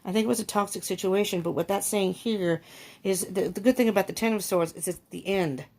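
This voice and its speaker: A woman's voice: mid-range voice, steady tone, fairly quick, a little mellow. Chatty woman reading tarot cards. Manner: chatty, laughs often, thinks aloud with many ums. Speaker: tarot reader. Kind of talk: casual tarot reading to camera.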